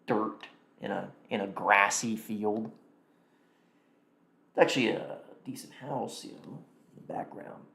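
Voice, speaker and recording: Thinking aloud on a casual live stream, a male host reacts and mutters to himself. His voice is on the low side, creaky, and a bit bright, and he speaks a little slowly with frequent pauses in a room with a noticeable echo.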